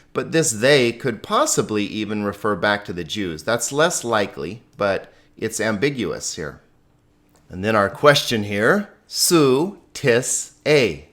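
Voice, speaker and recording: Slow-talking man teaching a grammar lesson. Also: fairly low pitch, a bit bright. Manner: explanatory, stresses key words, chuckles often. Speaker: Greek teacher.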